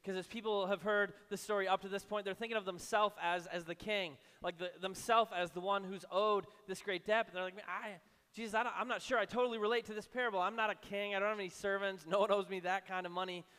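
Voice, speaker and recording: A man preaching a sermon in a conversational way, acting out imagined voices and dropping low and soft for emphasis. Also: steady tone, fast talker, clear, resonant tone, in a large hall. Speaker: pastor.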